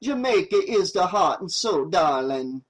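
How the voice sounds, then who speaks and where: A man's voice: sits high, sing-song, unhurried, heavily acted. A man voicing a laid-back stoner who fakes an overdone Jamaican accent, drawling and teasing. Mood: mellow.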